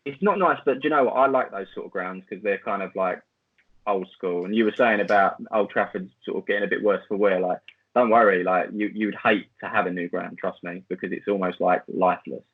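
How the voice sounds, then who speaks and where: Fast-talking man on a tinny line. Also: low-pitched, steady tone, husky, dry recording. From Essex, England. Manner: rambling, with many fillers and restarts. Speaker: podcast guest, football video maker. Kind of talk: casual storytelling chat. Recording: tinny phone-like line, dry.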